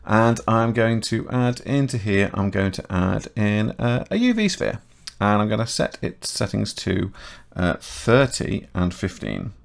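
A middle-aged man with a chatty, self-correcting manner, talking through a software modelling tutorial step by step. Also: lowish voice, lively intonation, a little slow, vocal fry. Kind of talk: casual screen-recorded software tutorial.

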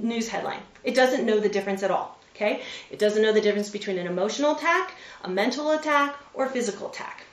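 Animated woman speaker, roomy and distant. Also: fairly high pitch. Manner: animated, checks in with listeners with frequent "right?". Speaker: veterinarian and public speaker. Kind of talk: motivational presentation. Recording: roomy sound from a distant mic.

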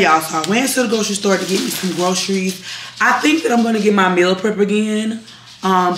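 A young woman vlogger with a raspy, strained voice, chatting casually to her viewers at home and calling them y'all. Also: on the low side, fairly bright tone, slight background noise. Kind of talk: casual chat to camera. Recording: roomy echo.

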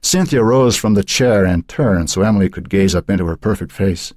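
A man narrating a horror novel in a measured, dramatic way. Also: low-pitched, a little mellow, no room sound, studio quality. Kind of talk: audiobook narration.

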